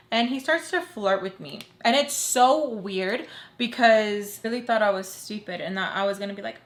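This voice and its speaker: A young adult woman vlogger telling a personal story in an animated, emphatic way, full of fillers and the odd swear word. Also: medium pitch, normal speed. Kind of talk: storytime chat.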